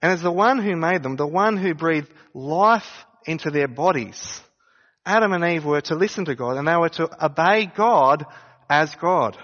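A man preaching a conversational sermon, pitched a little above most men. His voice rings out in a long church reverb. The sound is somewhat muffled. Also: animated, moderate pace, a bit bright. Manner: conversational preaching with rhetorical questions. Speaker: pastor.

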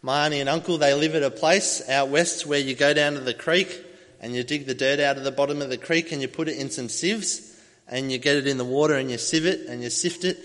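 A man's voice: mid-range voice, brisk. Man preaching in a reverberant hall. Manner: storytelling, animated, acts out voices in the telling. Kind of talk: sermon.

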